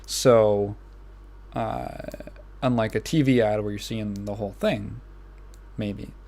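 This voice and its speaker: A man's voice: on the low side, fairly even intonation, slow, darkish tone. A young man with a Midwestern American accent hosting a solo podcast, rambling casually and laughing at his own asides. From Illinois. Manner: rambling, self-amused, laughs often. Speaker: podcast host.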